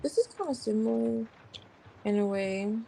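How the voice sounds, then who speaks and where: A woman's voice: on the high side, expressive, moderate pace, creaky, dark tone, soft background music, poor audio. A woman giving a casual tarot reading in an informal, slangy way, thinking aloud as she names the cards. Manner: rambling, thinking aloud while naming cards. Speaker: tarot reader.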